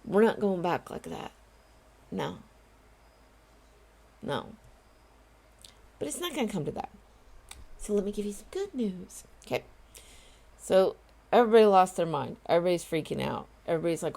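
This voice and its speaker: Casting note: woman in her forties, vlogger, low mellow voice, earnest and emphatic, talking directly to camera. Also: animated, normal speed, vocal fry, pauses often. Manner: emphatic, earnest, talks straight to viewers. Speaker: vlogger and home confinement advocate. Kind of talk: casual direct-to-camera vlog.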